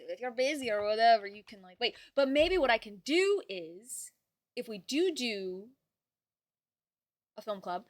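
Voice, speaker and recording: Young woman streamer, bright and bubbly with casual swearing, dry close sound. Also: a little high, no room sound. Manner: bubbly, swears casually, quick mood swings. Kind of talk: casual chat with viewers.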